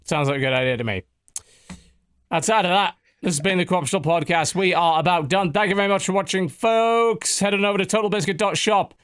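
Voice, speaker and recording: A man's voice: sits high, brisk, fairly bright tone, clean tone, no room sound, studio quality. A man hosting a podcast with a strained voice, talking in a blunt, sardonic way and swearing freely. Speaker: podcast host. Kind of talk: casual podcast chat.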